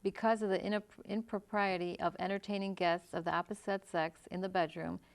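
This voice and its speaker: Calm lower-pitched woman co-hosting. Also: brisk, creaky. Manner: calm, brief answers, soft agreeing murmurs. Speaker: co-host. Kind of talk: casual educational discussion.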